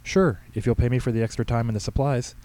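A man's voice: mid-range voice, fairly even intonation, fast, darkish tone, dry recording, pitched above the performer's own voice, lightly acted. A man voicing a practical, plain-spoken male church janitor in a read-aloud story. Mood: matter-of-fact.

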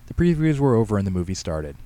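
A man narrating a story in a dry, even manner. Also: lowish voice, fast, dry recording. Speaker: audiobook narrator. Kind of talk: scripted narration.

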